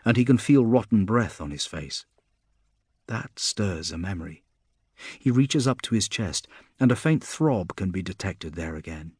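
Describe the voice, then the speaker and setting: A man narrating a story in a measured, somber way, with a husky voice. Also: fairly low pitch, expressive, darkish tone, no room sound, studio quality. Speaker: audiobook narrator. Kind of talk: scripted narration.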